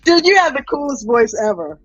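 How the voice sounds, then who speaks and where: A woman's voice: high voice, sing-song, fairly quick, no room sound, soft background music. A woman hosting a casual live stream, upbeat and greeting viewers one by one. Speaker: livestream host. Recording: dull, lo-fi stream audio.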